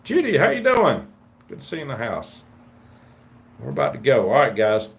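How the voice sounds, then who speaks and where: A man's voice: medium pitch, huge pitch swings, normal speed. A man, hosting a casual livestream chat in a rambling, folksy way. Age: 50s. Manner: rambling, folksy, greets viewers and reads chat aloud. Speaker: livestream host.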